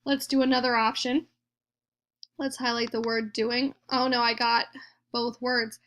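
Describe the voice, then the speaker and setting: A woman teacher talks through a computer tutorial in a fairly high voice. She explains each click patiently, one step at a time. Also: little pitch movement, measured pace, a bit bright. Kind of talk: screen-recorded tutorial.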